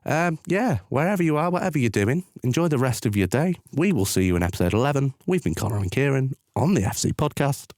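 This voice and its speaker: A man's voice: mid-range voice, big pitch swings, fast, few pauses, darkish tone, no echo, clean studio sound. A man co-hosting a football podcast, laid-back, slangy and opinionated. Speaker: podcast co-host. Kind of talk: casual football chat.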